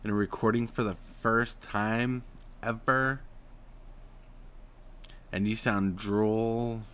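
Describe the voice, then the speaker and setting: A streamer host from Utah explains voice technique during a casual live stream, shifting between a flat drawl and sudden bursts of excited emphasis. He has a fairly low, smooth voice and a slow pace.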